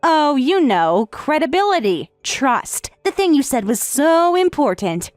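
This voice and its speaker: A woman voicing a calm, sarcastic wife in a text-message story, speaking in a matter-of-fact way. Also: sits high, a little slow, dry recording, soft background music. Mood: cool, sarcastic. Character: calm, sarcastic wife who has left her husband.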